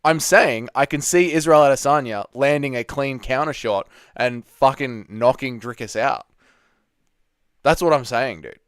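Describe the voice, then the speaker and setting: With a medium-pitched, smooth voice and an unhurried pace, a young Australian man hosts a laid-back livestream. He reads comments, greets viewers by name, and curses freely, recorded in a clean studio with no room sound.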